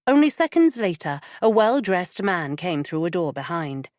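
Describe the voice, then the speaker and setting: Low-voiced woman narrating a thriller. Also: big pitch swings, moderate pace, darkish tone, no room sound, clean studio sound. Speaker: audiobook narrator. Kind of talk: scripted narration.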